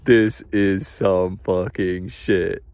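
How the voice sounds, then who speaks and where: A man's voice: sits low, flat delivery, drawn-out words, a little mellow, clean tone, no echo. A man chatting on a late-night livestream in a loose, awed and profane way, drawing out his words and laughing often.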